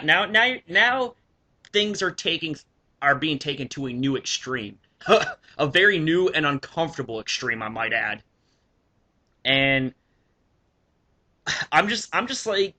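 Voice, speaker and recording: Indignant young man with a bright voice. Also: on the high side. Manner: indignant, swears a lot, many fillers and restarts. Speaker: YouTuber. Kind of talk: ranting commentary over screenshots.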